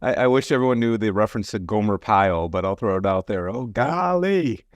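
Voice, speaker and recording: A man's voice: fairly low pitch, fast, no room sound, studio quality. A man hosting a podcast interview, asking curious questions and joking along with his guest. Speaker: podcast host. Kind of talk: conversational interview.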